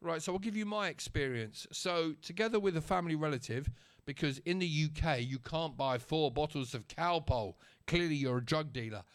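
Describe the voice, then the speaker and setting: Man with a slightly raised pitch for a casual vlog rant, sarcastic and conversational. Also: moderate pace, smooth. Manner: chatty and sarcastic, checks in with the listener. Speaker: vlogger.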